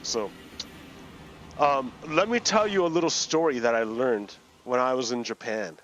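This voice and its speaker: A man's voice: medium pitch, a bit bright, slight background noise. Rambling man telling a story while gaming. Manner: rambling, halting, many restarts. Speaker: gaming video host. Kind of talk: casual storytelling while playing a game. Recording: dull lo-fi dry recording.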